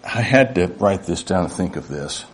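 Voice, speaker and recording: A man's voice: low-pitched, animated, moderate pace, slight background noise. A middle-aged man preaching a sermon in an earnest, conversational way, acting out little dialogues. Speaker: pastor.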